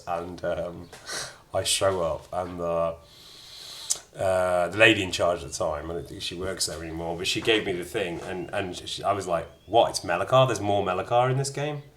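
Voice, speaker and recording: A man gives casual game commentary in a fairly low voice, rambling and self-mocking. He swears freely and jokes about his own work. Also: a bit bright, a little hiss or hum. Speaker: streamer and voice actor. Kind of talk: let's-play commentary.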